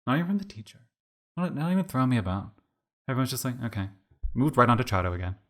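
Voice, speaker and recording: A man's voice: mid-range voice, very fast. A man in his twenties co-hosting a podcast, telling a rambling story in casual chat and saying "like" all the time. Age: 20s. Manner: rambling, animated, heavy use of "like". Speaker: podcast co-host.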